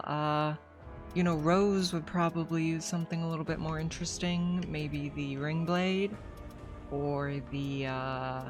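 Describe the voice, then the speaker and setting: A young woman streamer chatting casually over a game, swearing now and then. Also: deep voice. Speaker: VTuber streamer.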